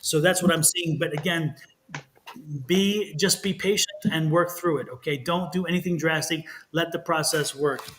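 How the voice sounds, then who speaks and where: Chatty man with a bright, high voice. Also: normal speed, a little hiss or hum, poor audio. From Texas. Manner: animated, chatty, laughs often, stretches words for emphasis. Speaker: tarot and psychic reader. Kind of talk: live-stream tarot reading.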